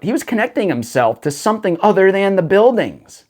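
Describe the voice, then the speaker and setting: Laid-back man telling a lively story. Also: high voice, a little fast, few pauses. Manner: laid-back, full of "dude" and "like". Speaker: faith podcast host. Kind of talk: casual storytelling monologue.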